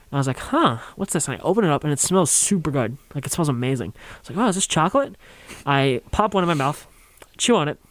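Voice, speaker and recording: A man's voice: medium pitch, no room sound. A young man telling a rambling, funny story on a college radio show, acting out quotes and laughing along.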